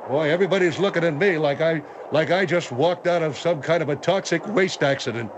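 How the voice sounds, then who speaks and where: A man's voice: a little high, fairly quick, background noise, lightly acted. A man voicing a wry male sidekick panelist who rambles and hesitates.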